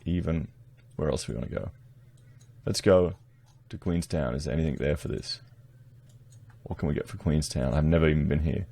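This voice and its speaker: A man's voice: rumbling low, normal speed, creaky, dark tone. A man with an Australian accent giving blunt, casual commentary to his online viewers, often calling them guys. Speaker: political commentary YouTuber.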